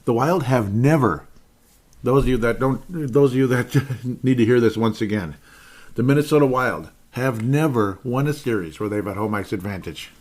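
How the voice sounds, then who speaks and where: A man hosting a solo sports podcast, rambling and excitable, often repeating himself. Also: medium pitch, normal speed.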